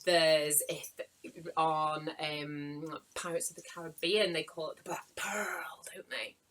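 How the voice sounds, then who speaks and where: Woman workshop host for young kids, bright voice, lowish pitch, chatty and encouraging. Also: steady tone, slow pace, slight background noise, poor audio. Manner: chatty and encouraging, reading out viewers' names. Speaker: children's author running a live workshop. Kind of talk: live online children's workshop.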